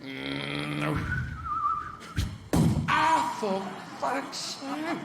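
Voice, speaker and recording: A man's voice: high voice, big pitch swings, extremely slow, vocal fry, over loud music, heavily acted. A man voicing a dim, baffled male greyhound who repeats words in a rising sing-song. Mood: scheming. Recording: echoey venue with ambient noise.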